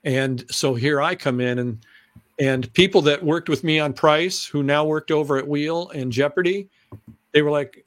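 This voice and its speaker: A middle-aged man, a former TV announcer and weatherman, telling stories as an interview guest, animated and often clearing his throat. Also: moderate pace, dry recording. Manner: animated, acts out excited voices in a high pitch. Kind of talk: conversational storytelling.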